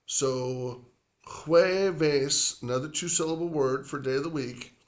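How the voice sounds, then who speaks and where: A man's voice: mid-range voice, steady tone, normal speed. A man teaching Spanish pronunciation, explaining at length with many fillers and drawing out the words he repeats. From grew up near the Atlantic coast. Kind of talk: language lesson.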